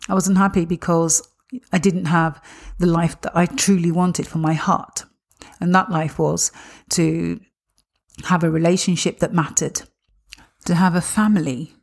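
Earnest low-voiced woman telling her story. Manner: reflective, earnest, with frequent "you know" and repeated words. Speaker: podcast host. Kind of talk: personal storytelling monologue.

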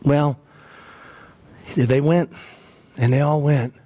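Emphatic preacher man, fairly high voice. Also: steady tone, slow pace. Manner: emphatic, repeats phrases, voice drops low and soft at sad moments. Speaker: pastor. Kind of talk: sermon with personal story.

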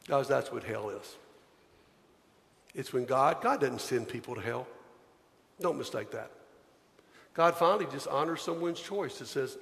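A man preaching a sermon as pastor, pleading earnestly and swinging between hushed and loud passages. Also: mid-range voice, unhurried, creaky, pauses often. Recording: long hall reverb.

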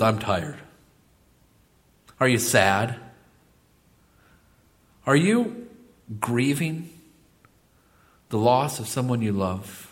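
A middle-aged male pastor preaching a sermon in a church, swinging between loud exclamations and soft asides. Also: fairly low pitch. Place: church sanctuary.

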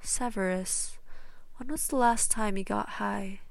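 Brief: woman reading patient female therapist, slow, gently probing, dry close sound. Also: medium pitch, gravelly, dry recording. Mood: gentle. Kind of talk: audiobook fan fiction reading.

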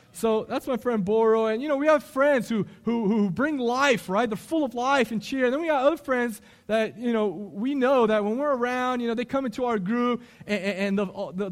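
A middle-aged man preaching a sermon in a conversational, emphatic storytelling way. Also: high voice.

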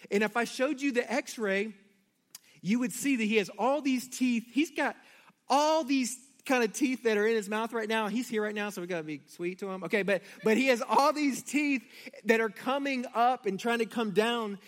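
A man's voice: very high-pitched, moderate pace. A middle-aged man, a pastor, preaching a sermon and telling family stories directly to his congregation. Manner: storytelling, animated, addresses the congregation directly.

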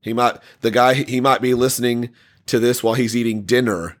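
A man's voice: medium pitch, steady tone, fairly quick. A man hosting a casual podcast chat, running a song vote, who rambles with many fillers and restarts.

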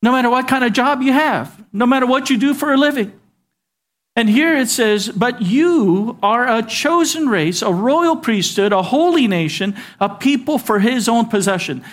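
A man's voice: extremely high pitch, fairly bright tone. A male pastor preaching a sermon in a conversational style, with asides and call-and-response to the congregation.

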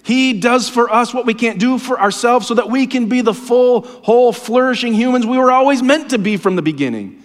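A man preaching a sermon, impassioned and often dropping to a hushed, low voice. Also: fairly quick. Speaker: pastor. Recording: long hall reverb.

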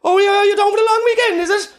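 An Irish man putting on a prying, gossiping small-town woman with a shrill voice. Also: fairly even intonation, quick pace. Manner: shrill, gossiping, relentless questions.

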